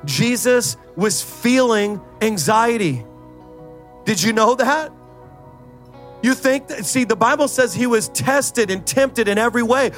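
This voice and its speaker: Preacher guy, high voice, gets all sing-songy and fired up, soft music under him. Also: lively intonation, a little slow. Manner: builds to fervent, sing-song prayer crescendos; exhorting the crowd with repeated calls. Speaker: pastor. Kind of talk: sermon.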